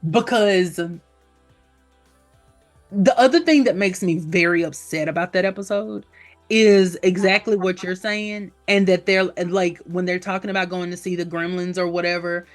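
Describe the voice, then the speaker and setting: A woman hosting a casual podcast chat. She talks animatedly and slips into playful character voices with sudden pitch leaps. Faint music sits quietly behind her. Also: moderate pace. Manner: animated, acts out characters with big pitch jumps. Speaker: podcast host.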